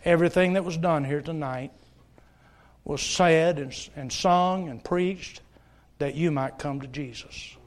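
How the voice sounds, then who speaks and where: Man, middle-aged, preacher, high voice, earnest, pleading, sermon in church. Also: measured pace. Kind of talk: sermon with altar call. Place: church service.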